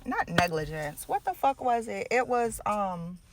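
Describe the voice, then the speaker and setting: A woman telling a story in a casual storytime vlog, animated and profane, acting out the people she quotes. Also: medium pitch, measured pace, faint music behind. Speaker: nail art vlogger telling a story.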